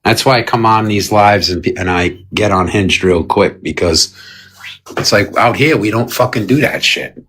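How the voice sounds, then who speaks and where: A man's voice: lowish voice, normal speed, fairly bright tone, husky. A man with a Rhode Island accent on a livestream, talking bluntly with lots of swearing. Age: adult with a young daughter. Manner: blunt, profane, combative. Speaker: debate livestream guest. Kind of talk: casual heated chat.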